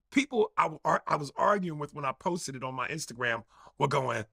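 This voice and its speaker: A man's voice: on the high side, lively intonation, a little fast, vocal fry, sharp tone, slightly rough, no echo, studio quality. A man in casual debate, talking emphatically and profanely and mimicking the way others speak.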